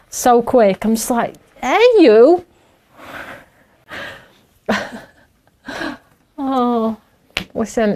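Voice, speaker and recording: A middle-aged woman, chatting and laughing as she hosts a craft show while she works. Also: medium pitch. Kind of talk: casual chat while crafting.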